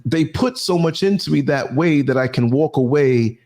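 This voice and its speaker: A man's voice: fairly high pitch, normal speed. An older man with a New York accent, a podcast host telling a long personal story in casual chat and acting out the people in it. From New York City. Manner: animated storyteller, acts out voices of people in his story.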